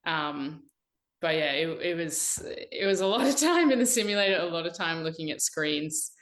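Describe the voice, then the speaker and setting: A woman's voice: low-pitched, lively intonation, normal speed, a crowd in the background. A young woman, a podcast guest, giving brief easygoing answers. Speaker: guest, elite sailor. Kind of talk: casual interview chat. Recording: echoey room.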